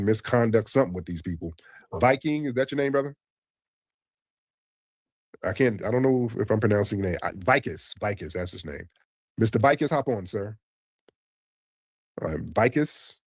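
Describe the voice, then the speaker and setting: Host: man, lowish voice, blunt and mocking with callers, dry close sound. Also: darkish tone, dry recording. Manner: blunt, teasing, bossy with callers. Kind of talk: live call-in show.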